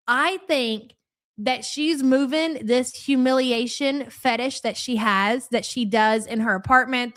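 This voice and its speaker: A woman's voice sitting a bit high in pitch, trading in crude, profane mockery. She hosts a live reaction stream and keeps up a loose, chatty patter while reading out her viewers' comments. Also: a bit bright. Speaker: livestream commentary host.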